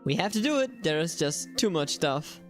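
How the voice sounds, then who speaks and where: Young woman, gaming streamer, lively swinging pitch, low-ish voice, chatty with viewers. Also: normal speed, soft background music. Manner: animated, chatty, addresses viewers directly. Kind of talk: live stream commentary.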